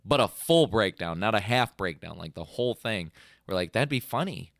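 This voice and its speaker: A man's voice: low-pitched, moderate pace, creaky, no room sound, studio quality. A young man on a podcast, chatting casually and rambling as a band singer, with lots of "like" and mouth-made riff sounds. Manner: rambling and animated, full of "like", mimics riffs with "bum" and "dun" sounds. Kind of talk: casual chat.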